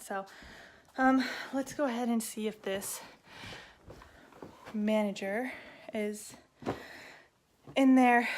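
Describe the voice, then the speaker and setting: A woman's voice: a little high, fairly even intonation, slow pace, pauses often, a little hiss or hum. A young woman chatting casually at home in her family vlog, rambling with fillers and little laughs. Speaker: vlogger mom.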